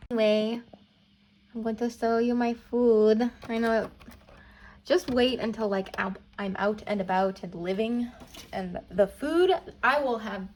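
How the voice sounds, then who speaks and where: A woman's voice: mid-range voice, creaky, darkish tone, a little hiss or hum. A young woman vlogging casually from a hotel room, chatty and self-mocking, with many fillers. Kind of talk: casual vlog chat.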